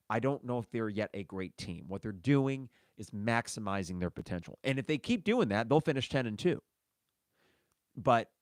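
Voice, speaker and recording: A man's voice: medium pitch, dry recording, clean studio sound. A man hosting a casual solo sports podcast, reading listener mail and reacting in a chatty way. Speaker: podcast host.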